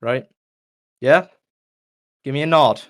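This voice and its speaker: A man's voice: mid-range voice, slow. Rambling male podcast host telling a joke. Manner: loose and rambling, fills the story with whooshing sound effects. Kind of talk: rambling comedic storytelling.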